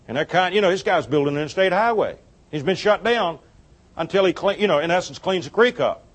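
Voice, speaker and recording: A man telling a folksy church story in a sermon-style talk, animated and chuckling as he goes. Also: sits high, fairly quick. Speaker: church speaker on giving.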